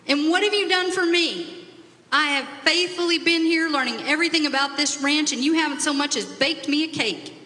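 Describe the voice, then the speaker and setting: Angry young elder son, high and sharp, indignant as a woman puts him on, long hall echo. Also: heavily acted. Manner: shouting, indignant, rapid complaints. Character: resentful furious elder son, young man.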